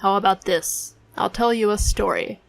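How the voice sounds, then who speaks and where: A woman voicing a smooth, evasive male detective in disguise in a game, speaking in a suave, theatrical way. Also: medium pitch, fairly even intonation, moderate pace, natural voice, rough recording. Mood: storytelling. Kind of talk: voicing a visual novel let's play.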